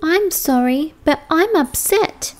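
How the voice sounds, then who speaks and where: A gentle young okapi girl, soft and tearful, with a lifted, higher voice, as a woman reading a children's storybook puts her on. She speaks slowly, like a small hurt animal asking for comfort. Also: expressive. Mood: upset.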